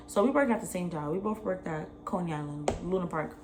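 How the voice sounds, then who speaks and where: A young adult woman, telling a personal story in a slangy, animated way. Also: lowish voice, a little fast, hardly any pauses, a little hiss or hum. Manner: animated, slangy retelling, acts out both sides. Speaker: vlogger. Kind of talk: casual storytime.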